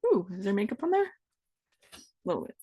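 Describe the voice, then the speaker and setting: Her medium-pitched voice is warm and breathy, and she talks fairly quickly with great animation. A vlogger in her fifties, she improvises a rambling, playful monologue, teasing herself as her thoughts wander.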